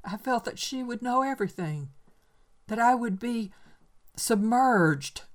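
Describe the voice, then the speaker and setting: A woman's voice: on the high side, lively intonation, unhurried, voice pushed up. A woman voicing a lonely old man making a desperate, bitter confession, in a raised and emphatic voice. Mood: agitated.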